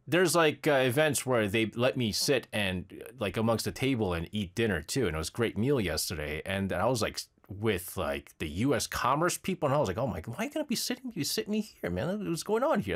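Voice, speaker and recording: Guy hosting radio, super chatty, laughs a lot, voice goes up and down all over. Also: on the low side. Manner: chatty, laughs often, loose with fillers. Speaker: radio show host. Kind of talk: casual live radio chat reading listener messages. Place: radio studio.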